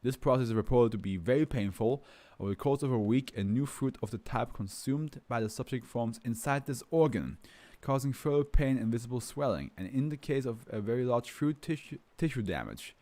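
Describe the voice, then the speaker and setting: A man's voice: medium pitch, expressive, a little fast, few pauses, mellow. A man talking in a loose, rambling way, full of fillers and laughs, then reading a document aloud as a streamer. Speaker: host reading to a live stream. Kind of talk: casual chat and reading aloud.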